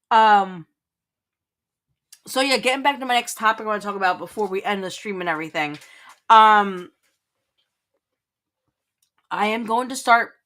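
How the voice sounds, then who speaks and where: A woman's voice: medium pitch, fairly bright tone. A woman hosting a casual livestream, reading chat aloud, teasing and laughing often, rambling with restarts. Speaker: livestream host.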